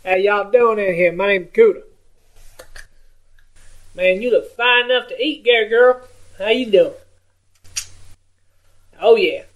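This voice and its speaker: A man's voice: high-pitched, a little slow, long pauses, narrow, tinny audio, voice pushed up. A man playing a brash redneck good old boy. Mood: swaggering.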